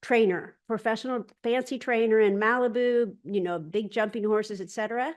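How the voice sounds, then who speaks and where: A woman hosts a spiritual video-call gathering, telling a story from her life in a casual, lively manner. She voices other people's remarks as dialogue and restarts sentences often, with a slightly high voice at a moderate pace.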